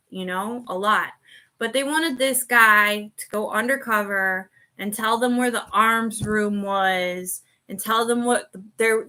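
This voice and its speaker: A woman's voice: medium pitch, pushed and bright. A woman hosting a podcast in a casual, rambling chat that keeps wandering off on side remarks. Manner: rambling, chatty, sidetracked. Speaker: podcast host.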